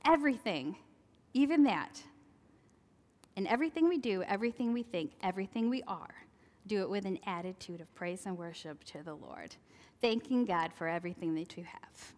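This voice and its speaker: A woman's voice: medium pitch, normal speed. A woman in her forties giving a chatty devotional talk, laughing at herself and acting out quoted lines. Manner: chatty, laughing asides, animated quoting. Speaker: Christian speaker. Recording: long hall reverb.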